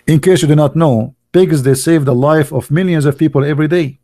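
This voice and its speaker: A sarcastic man from the Middle East holds forth in English, slipping in fillers and laughing at his own jokes. His voice sits a little high and sounds close and dry, with no room behind it. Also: brisk, few pauses, a little mellow, no room sound. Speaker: channel host. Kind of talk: mocking monologue.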